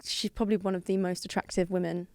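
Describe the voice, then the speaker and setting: A woman's voice: fairly low pitch, level tone, quick pace, a little mellow, dry recording, clean studio sound. A British woman chatting as a podcast guest, giggly and teasing. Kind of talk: casual chat.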